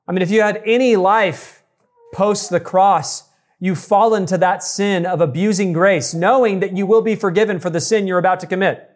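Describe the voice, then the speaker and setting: A man with a high-pitched voice preaching an expository sermon. He teaches with emphasis, repeating key points and speaking straight to the congregation. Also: normal speed. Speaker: pastor.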